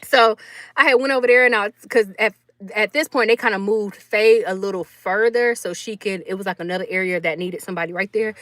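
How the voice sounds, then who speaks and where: A young woman, chatting casually to her viewers and telling an animated story with quick laughs. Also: mid-range voice, no room sound. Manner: animated, laughs often, acts out quotes. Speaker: vlogger.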